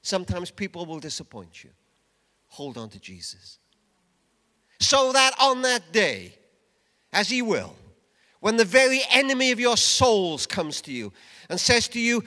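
Older male preacher, animated sweeping delivery, emphatic, long hall echo. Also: normal speed. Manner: emphatic, swings from loud urging to hushed low asides. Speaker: conference speaker. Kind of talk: sermon. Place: large event hall. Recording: long reverb of a large hall.

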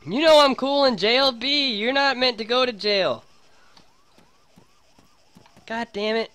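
A man with a high, bright voice plays through a role-play game stream. He talks slowly and unhurriedly, swearing freely. His complaints come out melodramatic and exasperated. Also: clear, resonant tone. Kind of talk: casual role-play chat.

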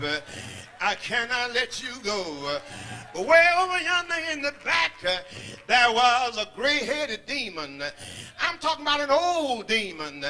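A man's voice: extremely high pitch, sing-song, unhurried, pushed and bright. A male pastor preaching in a chanted, whooping style, crying out and dotting his phrases with "uh.". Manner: chanted, cries out, punctuated with "uh". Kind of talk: whooping sermon.

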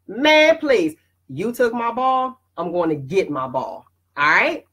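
A woman's voice: medium pitch, very animated, measured pace, fairly bright tone, slightly rough. A woman hosting her own show, giving a blunt, emphatic motivational talk straight to her viewers. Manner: addresses viewers directly. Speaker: host.

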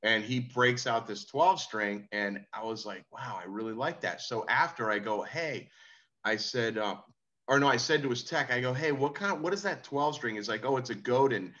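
A laid-back man telling a long anecdote as a podcast guest, his voice bright and forward in tone. The audio sounds a little dull and lo-fi, like a remote call. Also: mid-range voice, moderate pace. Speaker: musician guest. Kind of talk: casual interview storytelling.

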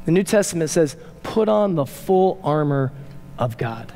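A man pastor preaching a sermon in a church, emphatic, rising to loud urgent peaks and dropping to low quiet asides. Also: lively intonation, a little slow. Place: church sanctuary. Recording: church hall reverb.

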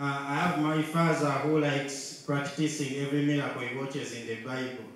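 Ugandan male stand-up, lightly raised pitch, mock-serious storyteller, live hall echo. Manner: punchy, mock-serious storytelling, switching into Luganda, rising to shouted punchlines. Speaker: stand-up comedian. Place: large comedy venue with live audience. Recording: echoey live hall from far off, loud crowd.

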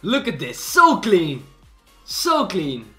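An excitable man comments on clips for his reaction video, exclaiming and laughing often. His bright voice swings widely in pitch, though his speech stays unhurried. Faint music plays behind him. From Bulgaria. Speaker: host.

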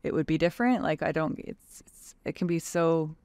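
This podcast guest, a Canadian woman in her thirties who works in the trades and leads advocacy, has a deep, smooth, darkish voice at normal speed. She talks frankly and animatedly, full of "like," with no echo.

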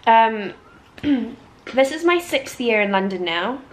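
A woman's voice: a little high, expressive, rough recording. Chatty young New Zealand woman vlogging. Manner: chatty, giggly, quick to exclaim. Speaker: vlogger co-host. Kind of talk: casual chat.

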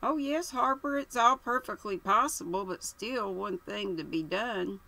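A woman's voice: mid-range voice, measured pace, vocal fry, pushed and bright, voice pushed up. A woman voicing a curt, impatient older police colonel who speaks sharply, reading an audiobook. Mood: brusque.

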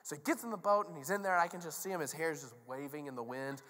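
A man's voice: on the high side, quick pace. A male pastor preaching a sermon in a casual, joking, storytelling manner. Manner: conversational, joking, animated storytelling. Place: church sanctuary. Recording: long reverb of a large hall.

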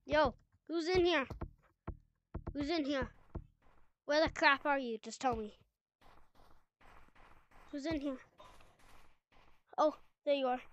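High-pitched woman, casual gaming chatter, slow-paced, teasing, faint noise behind. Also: fairly even intonation, dull audio. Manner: teasing, bemused, exclaims often. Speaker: gamer playing online.

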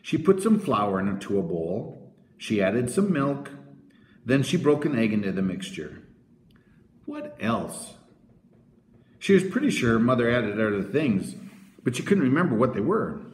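Male narrator for a children's book, expressive, animated pitch, roomy echo. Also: measured pace, long pauses, slight background noise. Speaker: audiobook narrator. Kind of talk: scripted narration of a children's novel.

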